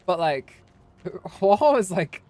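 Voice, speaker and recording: Excitable swearing woman streamer. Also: on the low side, slow, no echo. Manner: excitable, swears, laughs often. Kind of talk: game stream commentary. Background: game music.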